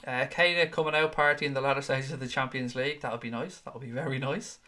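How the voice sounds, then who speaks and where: A man's voice: mid-range voice, steady tone, fast, bright, forceful tone. Guy hosting a live stream, jokey and sweary, reads out comments, mid-range voice. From Ireland. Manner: chatty, jokey and profane, teasing his co-hosts. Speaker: host of a fan channel live show. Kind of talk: casual live-stream chat reading viewer comments.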